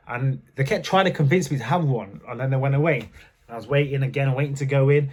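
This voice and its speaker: A man's voice: medium pitch, fast, darkish tone. A man telling candid personal stories to camera in a chatty way, with frequent fillers. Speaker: vlogger. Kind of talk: casual storytelling to camera.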